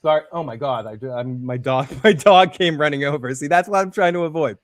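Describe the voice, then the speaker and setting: A man's voice: a little high, brisk, no echo, faint music behind. Joking man hosting a live show, dry sound. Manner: joking, animated, quotes characters in put-on voices. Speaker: host. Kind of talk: casual live show chat. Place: warm room at home.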